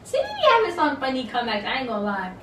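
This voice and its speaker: A woman's voice: high-pitched, big pitch swings, quick pace, a bit bright, slight background noise. A young woman recapping a reality show in casual chat, blunt and opinionated, with many fillers. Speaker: reality TV reviewer. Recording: roomy, mic at a distance, faint ambience.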